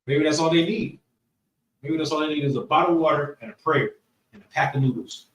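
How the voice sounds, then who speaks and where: A man's voice: fairly high pitch, a little fast. A man leading a group lesson in a preaching style, talking casually, repeating phrases and asking the room for agreement. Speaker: class leader. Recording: echoey room, mic far off, faint noise.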